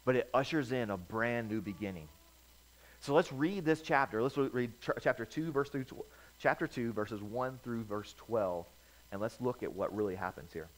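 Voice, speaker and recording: A man's voice: mid-range voice, moderate pace, low-quality recording. Storytelling male pastor with a mid voice. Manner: storytelling, swings between loud bursts and quiet asides. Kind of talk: sermon.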